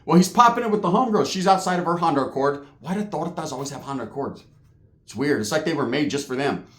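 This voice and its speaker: A man hosting his own channel tells a story in a loose, profane, streetwise way. His voice sits a bit higher than most men's. The room around him is echoey. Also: expressive, fast. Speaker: channel host telling a story. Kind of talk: casual storytelling monologue.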